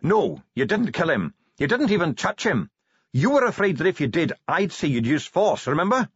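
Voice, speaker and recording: Solemn insistent dwarf, storybook read, a man voicing him, husky, dull. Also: on the high side, big pitch swings, moderate pace, a bit bright, dry recording, voice pushed up, exaggerated voice. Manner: urgent, insistent. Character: urgent solemn male dwarf elder.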